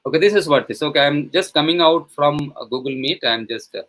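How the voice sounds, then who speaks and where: Indian man giving a halting webinar demo. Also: on the high side, a bit bright, rough recording. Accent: Indian English. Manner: halting, many fillers and restarts. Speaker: webinar resource person, professor. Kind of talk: live online teaching demonstration. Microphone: computer mic on a video call.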